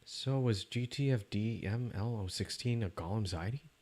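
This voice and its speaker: A man's voice: lowish voice, normal speed, darkish tone. A young man casually playing through a game on a live stream, joking and reading character lines aloud into a desk mic. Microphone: desk mic with static.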